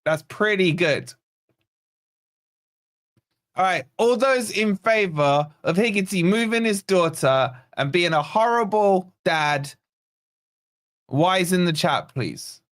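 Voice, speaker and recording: A man's voice: high voice, animated, takes it slowly, long pauses, fairly bright tone. A man hosting a live fan watch-along stream, reading out chat comments with chatty, teasing banter. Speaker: fan channel host.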